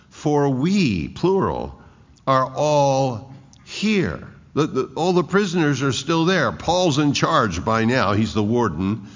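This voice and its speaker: A man preaching a sermon, reading scripture aloud and explaining it with slow emphasis and frequent restarts. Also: mid-range voice. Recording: echoey hall, dull lo-fi sound.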